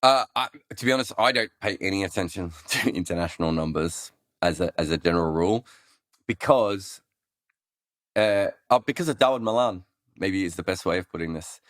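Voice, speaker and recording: A man's voice: sits low, a little fast, fairly bright tone, no room sound, clean studio sound. A man hosting a live cricket Q&A, rambling through answers with many ums and restarts. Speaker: cricket analyst host answering listener questions. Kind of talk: casual live Q&A chat.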